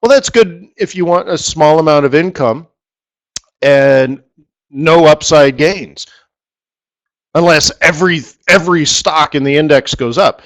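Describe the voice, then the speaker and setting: Brief: middle-aged male trading host, somewhat high voice, loose rambling webinar talk, repeats words to stress a point. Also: measured pace, fairly bright tone. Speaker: forex market strategist hosting a live session.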